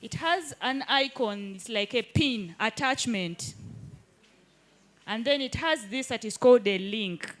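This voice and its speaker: A woman's voice: fairly high pitch, animated, unhurried. A woman teaching a live hands-on workshop in an indoor training room, keeps checking that the group follows. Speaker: digital skills trainer.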